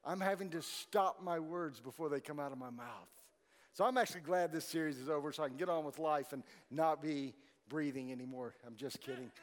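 Man, pastor, high voice, chatty joking sermon, church hall, long reverb. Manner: conversational, joking asides to the congregation.

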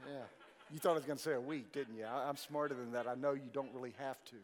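A man's voice: medium pitch, fairly even intonation, quick pace. A man preaching a sermon in a church hall, talking conversationally with joking asides to the congregation. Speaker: pastor. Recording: hall reverb from a church room.

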